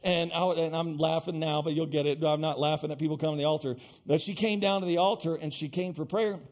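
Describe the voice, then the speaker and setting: A man preaching a sermon as pastor, emphatic and animated, breaking off to speak straight to his congregation. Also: a little high, fast talker.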